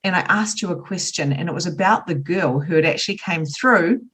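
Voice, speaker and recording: A woman's voice: fairly low pitch, a little fast, a bit bright, husky. Gushing New woman host. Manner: gushing, enthusiastic, frequent fillers. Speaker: podcast host. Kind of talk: casual interview chat.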